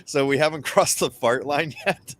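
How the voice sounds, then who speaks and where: A young man hosting a podcast, telling crude stories in profane, animated casual banter on a close mic. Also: a little high, moderate pace. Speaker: podcast host.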